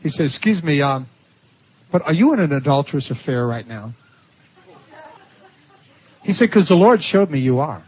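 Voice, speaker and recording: High-voiced, husky man preaching a story sermon. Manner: animated storytelling, laughing at his own stories, acting out quoted voices. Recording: dull lo-fi sermon recording.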